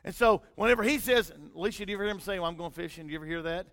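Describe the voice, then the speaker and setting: A middle-aged man, preaching a sermon in a folksy storytelling way, his loudness rising and falling. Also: sits high, very fast. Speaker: pastor. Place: church sanctuary. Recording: long hall reverb.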